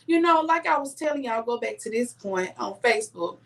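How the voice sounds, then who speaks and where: A woman's voice: on the high side, animated, brisk, vocal fry. A middle-aged woman, giving earnest life advice straight to her viewers in a casual live stream. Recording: voice a bit distant from the mic.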